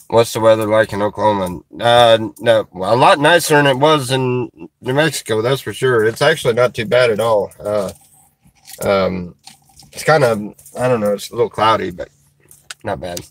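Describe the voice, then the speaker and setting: A man chatting casually on a livestream, reading chat comments aloud, halting with many fillers and restarts and chuckling as he goes. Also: on the low side, slight background noise.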